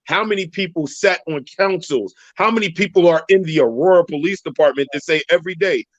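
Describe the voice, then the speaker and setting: A man with a fairly high voice argues hard in a heated call-in debate. He swears freely and builds his case with quick stories. His audio comes through dull and dry, like a lo-fi online call. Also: no room sound. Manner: emphatic, profane, storytelling.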